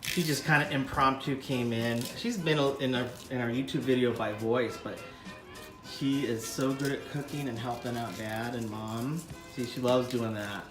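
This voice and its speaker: A middle-aged man casually vlogging as he cooks in a home kitchen and gently coaches his young daughter with a knife, chatty and jokey. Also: mid-range voice, fairly even intonation, moderate pace. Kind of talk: casual cooking ASMR vlog. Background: music and kitchen clatter of knives and pots.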